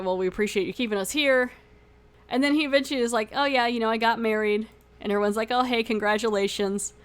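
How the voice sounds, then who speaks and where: Chatty woman podcast host. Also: mid-range voice. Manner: animated retelling, acts out the lines, laughs often. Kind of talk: casual episode recap review.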